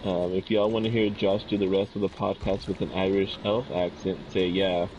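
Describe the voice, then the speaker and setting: A man joining a casual podcast chat with loud, swearing banter. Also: low-pitched, level tone, normal speed, lo-fi sound, a little hiss or hum.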